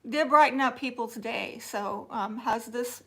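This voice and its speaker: A Texas woman with a Southern accent hosts a casual live chat and reads her viewers' comments aloud. Her voice is bright and fairly high, and she takes her time. She teases and jokes with an easy laugh. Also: a little slow. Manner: chatty and teasing, laughs often, drops to soft asides. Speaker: livestream host reading viewer chat.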